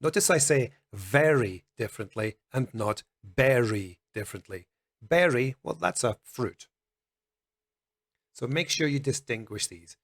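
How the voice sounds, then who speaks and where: A man teaching English pronunciation, speaking slowly and carefully and demonstrating each sound. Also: mid-range voice. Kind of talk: pronunciation lesson. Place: Colombia.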